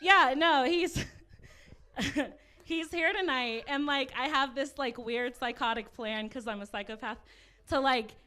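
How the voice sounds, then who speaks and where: A woman's voice: high-pitched, unhurried, pushed and bright. A woman doing a stand-up set, awkward and self-deprecating, with nervous little laughs. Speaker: stand-up comedian.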